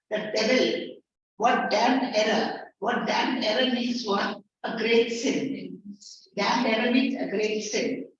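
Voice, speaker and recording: A woman's voice: a little high, a little hiss or hum. A woman tutor teaching literature in an online class, explaining each line and repeating key words. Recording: echoey, distant, muffled lecture audio.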